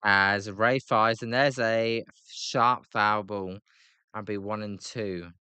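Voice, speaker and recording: A British man commentating live on a baseball game, with a bright, forward tone. He chats between pitches with plenty of fillers and lifts his voice for the big plays. The sound is dry and close to the mic. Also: fairly even intonation, slow pace, smooth, dry recording. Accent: British English. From Britain. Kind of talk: live play-by-play reaction.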